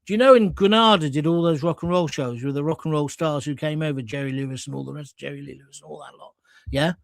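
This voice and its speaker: Middle-aged male host, animated raconteur, bright high pitch, dry close sound. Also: fast talker, gravelly, no room sound. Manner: chatty, animated storyteller. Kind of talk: live show anecdote chat.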